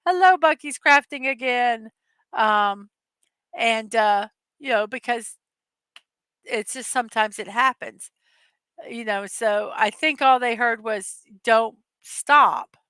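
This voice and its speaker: Bright-voiced woman telling rambling stories. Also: fairly high pitch, takes it slowly, clean tone, no echo. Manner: rambling storyteller, laughs often. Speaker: host. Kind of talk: casual livestream chat.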